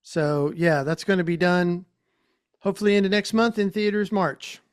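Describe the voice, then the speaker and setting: A man's voice: high voice, moderate pace, clean tone. A man hosting a podcast interview over a video call, talking in an effusive, enthusiastic way and laughing easily. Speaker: podcast host. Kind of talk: casual interview chat.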